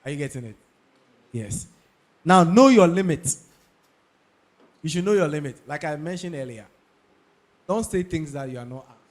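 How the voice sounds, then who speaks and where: A young man with a Ghanaian English accent talks to an audience about careers. His voice sits somewhat high, and he leans on repetition and quick checks with his listeners. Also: lively intonation. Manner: emphatic, repeats key points, checks in with listeners. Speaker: speaker giving career advice. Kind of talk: talk to an audience.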